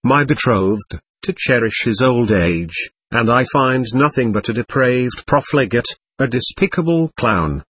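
A man reading aloud as a contemptuous young man speaking in a soft, controlled voice. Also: mid-range voice, lively intonation, unhurried, few pauses, slightly rough, no echo.

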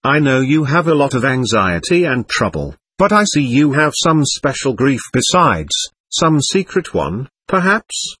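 A man's voice: mid-range voice, sing-song, unhurried, a bit bright, slightly rough, dry recording, exaggerated voice. A man reading the part of a playful, teasing young woman who speaks eagerly and fervently.

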